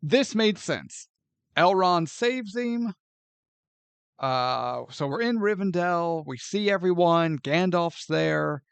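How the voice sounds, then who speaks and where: A man co-hosting a podcast, chatting casually about a movie in an animated, joking way. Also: high-pitched, slow pace, creaky, smooth, no echo. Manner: animated and joking, often laughs and acts out scenes. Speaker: podcast co-host. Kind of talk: casual movie review chat.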